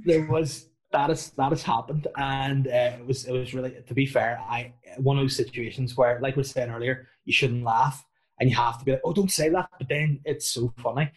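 Guy in his 30s, comedian, rambling on about himself in a loose chat, lots of "like" and "you know", mid pitched voice. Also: steady tone, moderate pace. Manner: rambling, self-deprecating storytelling with many fillers. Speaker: comedian and podcast guest. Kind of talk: casual chat.

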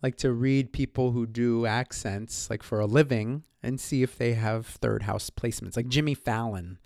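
A man's voice: medium pitch, normal speed, creaky, a little mellow, dry recording, studio quality. A man co-hosting a casual podcast, joking and laughing often. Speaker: podcast co-host. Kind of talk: casual chat about astrology.

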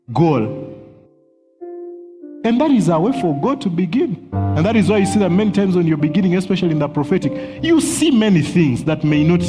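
A man teaching on prophecy in a sermon style, earnest, chuckling often and repeating words as he searches for them. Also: high voice. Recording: long hall reverb with faint music.

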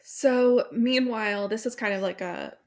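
A woman's voice: a little high, a little slow, darkish tone. A woman casually recapping a mystery novel's plot, with many fillers and short acted-out quotes. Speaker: book club podcast host summarizing the plot.

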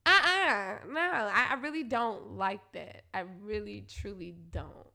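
Young woman, podcast host, casual storytelling, candid, profane, bright, sharp tone. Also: mid-range voice, gravelly. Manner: candid, profane, animated, quick asides to listeners.

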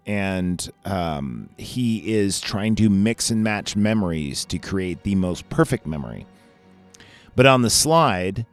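A man hosting a podcast, talking through his favorite movie endings in a rambling, excitable way and swearing often. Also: on the low side. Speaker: podcast host. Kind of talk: casual movie ranking chat.

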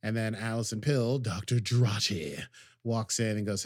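A man's voice: on the low side, moderate pace, darkish tone, no echo, studio quality. Jokey rambling man recapping an episode. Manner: rambling, jokey, acts out characters' lines. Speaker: podcast co-host. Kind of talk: casual recap chat.

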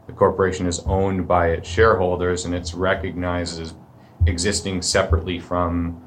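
Canadian man, lawyer type, very low-pitched, casual explainer tone, slight background noise. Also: flat delivery, moderate pace. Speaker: corporate lawyer. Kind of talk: explanatory podcast conversation.

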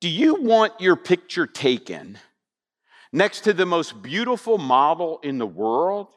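A man preaching a sermon, animated and conversational, full of rhetorical questions to the congregation. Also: on the high side, measured pace, long reverb tail. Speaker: pastor.

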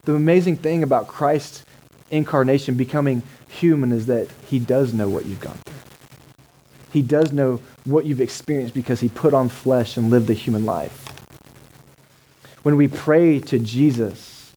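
A man's voice: mid-range voice, moderate pace, warm tone, slightly rough, poor audio. A male pastor, preaching a sermon in a conversational way and asking the congregation rhetorical questions. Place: church service held in a cinema.

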